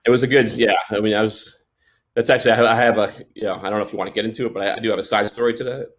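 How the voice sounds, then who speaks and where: A man in his forties tells a story in casual conversation, with a fairly low voice. He rambles and keeps restarting sentences, with plenty of fillers. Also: steady tone, rapid-fire. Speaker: sports photojournalist guest.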